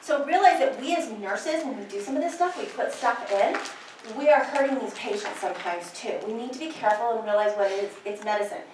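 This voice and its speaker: A woman's voice: fairly high pitch, brisk, a little mellow, slight background noise. A middle-aged woman, a nurse, lecturing nurses in an impassioned, personal way. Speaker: nurse educator. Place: large lecture hall. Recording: very echoey hall, from far off.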